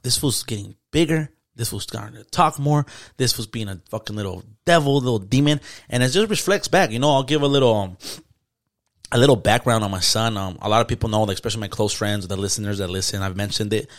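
A man's voice: on the low side, fast talker. A young man, telling a story in casual podcast chat, slangy and profane, dropping in Spanish words. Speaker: podcast host.

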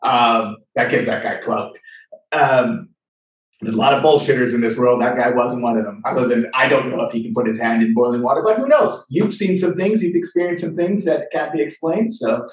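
A man's voice: medium pitch, moderate pace. Australian man, far off in an echoey room. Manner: relaxed, hesitant with many fillers. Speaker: podcast host. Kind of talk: casual interview chat. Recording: distant echoey room mic.

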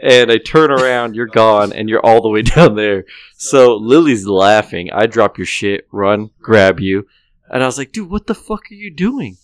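A young man telling a wild story on a podcast, animated and profane, often laughing. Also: on the low side, unhurried, clear, resonant tone, dry recording. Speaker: podcast co-host. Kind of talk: casual storytelling chat.

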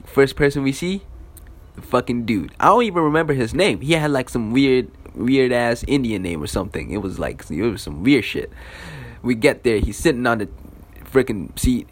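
A man's voice: mid-range voice, expressive, normal speed. A young man telling a casual story in a loose, profane style, with lots of fillers.

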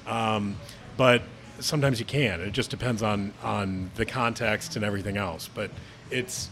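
A man co-hosting a casual pub chat, thinking aloud with frequent pauses and restarts. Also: lowish voice, steady tone, a bit bright, slight background noise. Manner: hesitant, thinking aloud with many ums and restarts. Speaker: podcast co-host.

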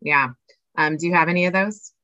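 A woman co-hosting a podcast, chatting casually and acting out her inner voices in an animated way. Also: on the low side, fairly quick, no room sound. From Oregon, US. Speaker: podcast co-host, nonprofit executive director. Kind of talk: casual conversation. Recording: dull, lo-fi sound.

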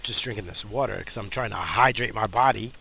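Gravelly, tired man rambling in car. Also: on the low side, brisk, sharp tone. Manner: rambling, with frequent restarts and fillers. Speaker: podcast host. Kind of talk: casual rambling monologue. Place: in a car, driving.

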